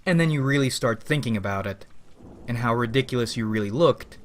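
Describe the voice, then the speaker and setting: Brief: a male vlogger musing aloud, rambling and profane, mid pitch. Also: animated, fairly quick. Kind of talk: reflective spoken monologue.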